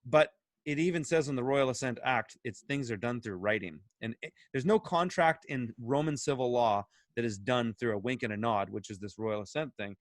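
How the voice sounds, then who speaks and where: A man and farmer, talking in an animated, excited way, full of restarts and emphatic questions. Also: medium pitch, no room sound. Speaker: guest, urban farmer. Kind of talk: animated casual discussion.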